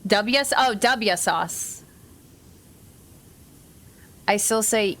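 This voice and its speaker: A woman's voice: mid-range voice, extremely slow, pauses often, fairly bright tone. An American woman chatting casually and giggling while streaming a game, with lots of "like" fillers. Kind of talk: casual live-stream chat.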